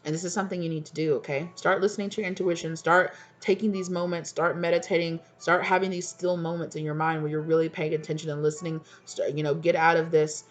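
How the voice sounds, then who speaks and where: Low-voiced woman giving a soothing tarot reading. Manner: affectionate, speaks directly to the viewer with frequent check-ins; soft and soothing, deliberately lowered voice. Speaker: tarot card reader. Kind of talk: tarot reading addressed to viewers.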